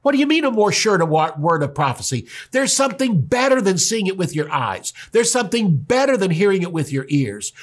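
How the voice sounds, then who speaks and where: A pastor delivers a sermon in an animated way, slipping into the voices of the people he quotes. He is a man with a voice that sits a little high for a man. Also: normal speed, hardly any pauses.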